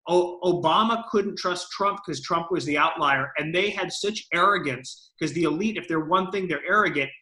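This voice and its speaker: A man's voice: on the high side, moderate pace, hardly any pauses, pushed and bright, reverberant, poor audio. A man co-hosting a political talk show, giving emphatic, lawyerly commentary.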